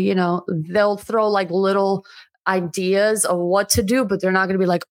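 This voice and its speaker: A woman's voice: normal speed, no echo. A woman guest on a podcast chatting casually, swearing freely and acting out quoted voices, with Albanian as her first language. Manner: chatty, swearing, acts out quoted voices with big pitch jumps. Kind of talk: casual chat.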